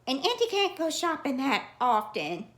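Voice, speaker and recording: A woman's voice: high-pitched, wildly swooping pitch, normal speed, fairly bright tone, reverberant. Chatty woman in a put-on Southern drawl. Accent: put-on cheesy Southern US. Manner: chatty, rambling, calls herself Auntie. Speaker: card collecting channel host. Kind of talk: casual vlog chat.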